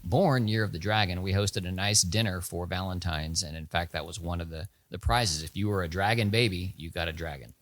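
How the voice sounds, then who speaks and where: A man's voice: sits low, a little fast, hardly any pauses, a bit bright, dry recording. A man who owns a winery, a guest in casual chat, with a dry teasing humor.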